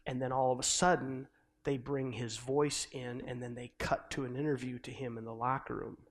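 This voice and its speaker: Earnest middle-aged pastor telling a story. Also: male voice, mid-range voice, level tone. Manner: earnest, halting with many restarts, swings from loud to hushed. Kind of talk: sermon storytelling.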